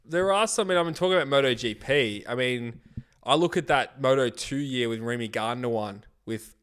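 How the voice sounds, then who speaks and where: A man's voice: mid-range voice, normal speed, a bit bright, smooth. A man with an Australian accent co-hosting a podcast in casual chat, chatty and upbeat. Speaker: podcast co-host.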